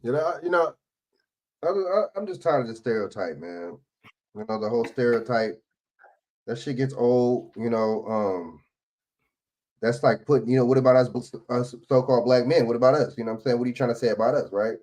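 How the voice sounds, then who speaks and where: A man's voice: mid-range voice, brisk, darkish tone, low-quality recording. A man co-hosting an online show, venting in frustrated casual commentary, often repeating "you know what I'm saying". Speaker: co-host.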